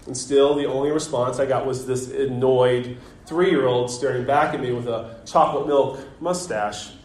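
A man in his thirties preaching a sermon as pastor, telling a family story in a relaxed, conversational way with gentle self-deprecating humor. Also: mid-range voice, moderate pace. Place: church sanctuary. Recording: echoey church sanctuary.

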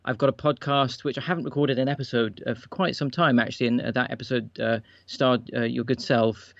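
A man speaking as a podcast guest, measured and polite, with frequent ums and uhs. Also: medium pitch, fairly even intonation, gravelly, no room sound. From United Kingdom. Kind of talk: casual podcast chat. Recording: dull, dry lo-fi sound.

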